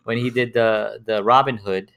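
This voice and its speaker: A man's voice: on the low side, steady tone, moderate pace, creaky, fairly bright tone, clean tone. A man in casual conversation, rambling and restarting, with lots of repeated words. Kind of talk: casual chat.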